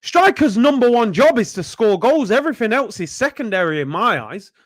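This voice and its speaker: A young man hosting a live football watchalong, reacting excitedly and yelling at the players. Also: extremely high pitch, fairly quick. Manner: excitable, shouting at players, frequent outbursts. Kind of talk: live match reaction commentary.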